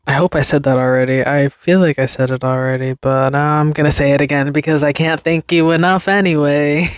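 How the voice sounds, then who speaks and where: A woman's voice: sits low, steady tone, fairly quick, clear, resonant tone, no echo. A young woman hosting her own podcast, rambling casually about her life, self-deprecating and laughing often. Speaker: podcast host. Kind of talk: casual solo podcast chat.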